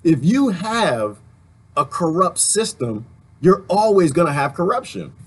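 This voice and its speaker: Husky, rambling, animated man. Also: high-pitched, unhurried. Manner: rambling, laughing, animated rants. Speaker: political commentator. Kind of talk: casual spoken monologue.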